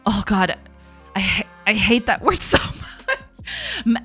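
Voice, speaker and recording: A woman's voice: mid-range voice, moderate pace, fairly bright tone, faint music behind. A woman from Portugal, a Portuguese native speaker, streaming game development and chatting with viewers, laughing often as she reads chat aloud. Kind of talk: casual live-stream chat.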